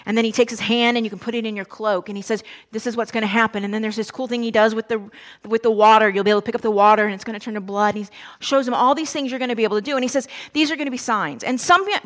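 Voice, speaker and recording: A woman preaching a sermon in a relaxed, conversational way, telling the story with lively asides to her listeners. Her voice sits a little high.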